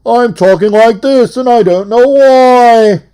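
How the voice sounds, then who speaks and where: A man doing an impression of an older male celebrity TV host, with a loud, high, showy delivery. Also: slow pace, clean tone.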